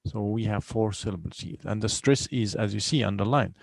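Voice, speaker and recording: Gravelly teacher explaining patiently. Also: male voice, lowish voice, slight background noise, low-quality recording. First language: Arabic. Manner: patient, explains slowly, repeats words. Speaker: English teacher. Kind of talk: bilingual classroom lesson.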